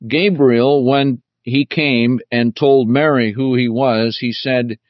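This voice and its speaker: A man teaching through the Bible verse by verse, deliberate, stressing key words as he explains them. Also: medium pitch, steady tone, no echo, dull audio.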